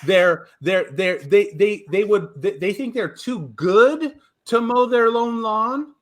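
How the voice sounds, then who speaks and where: A man's voice: sits high, slow. A man calling in to a talk show, ranting emphatically with stumbling restarts and blunt profanity. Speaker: caller. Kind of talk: call-in radio chat.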